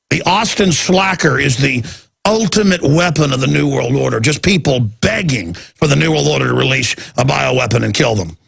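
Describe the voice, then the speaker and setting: A man with a Texas accent hosting a talk radio show, ranting and mocking people in a gravelly, husky voice. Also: a little high, a bit bright.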